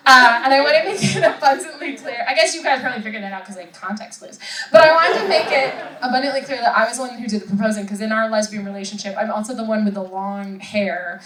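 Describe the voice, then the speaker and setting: A woman's voice: a little high, fast talker. A woman in her thirties doing stand-up with crowd work, chatty and self-mocking, laughing often. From Rochester, New York. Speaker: stand-up comedian. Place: comedy club stage. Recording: echoey room, far mic, loud crowd.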